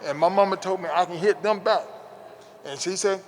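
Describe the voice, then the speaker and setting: A man's voice: sits high, brisk, long reverb tail. A man, an interview guest, telling a childhood story in a folksy, repetitive way with many restarts. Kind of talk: casual storytelling.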